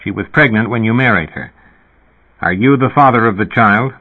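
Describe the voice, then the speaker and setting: A man doing a brisk suspicious official. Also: lowish voice, breathy edge. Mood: probing. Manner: curt, probing questions. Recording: phone-like narrow sound.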